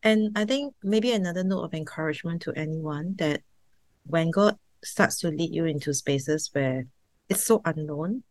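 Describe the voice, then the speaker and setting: A woman's voice: low-pitched, moderate pace, a little mellow, dry recording. A woman from Singapore telling an emotional, heartfelt personal faith story as an interview guest. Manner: emotional, heartfelt, sometimes laughing and tearful. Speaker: interview guest, server founder. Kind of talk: personal testimony.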